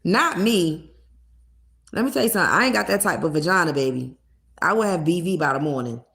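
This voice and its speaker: Woman streamer, young, low gravelly voice, blunt and profane, casual live chat. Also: animated, brisk, a bit bright. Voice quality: blunt, profane, laughing asides. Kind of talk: casual livestream chat with viewers.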